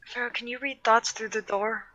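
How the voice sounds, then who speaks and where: A woman's voice: a little high, steady tone, moderate pace, sharp tone, dull audio. A woman player in a tabletop game with a dry, teasing manner. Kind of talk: casual tabletop play.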